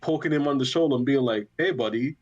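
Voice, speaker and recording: A man's voice: mid-range voice, very fast, darkish tone, dull audio, faint music behind. A young man casually recapping a tabletop game session, rambling and joking with lots of swearing. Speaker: tabletop player.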